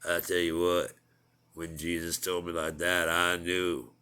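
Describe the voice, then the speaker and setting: A man's voice: deep voice, level tone, measured pace, sharp tone, smooth. A man in a rambling, profane casual monologue, chuckling at his own jokes.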